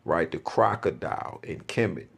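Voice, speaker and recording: A man's voice: sits low, big pitch swings, normal speed, vocal fry, a bit bright, slightly rough. A man telling a spiritual experience in a rambling, profane, casual way, often repeating himself.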